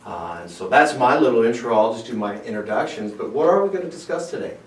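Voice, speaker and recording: Animated man, lively pitch, echoey room. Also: fast, distant mic. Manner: animated, interrupting with asides. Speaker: chiropractor host. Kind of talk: casual clinic presentation.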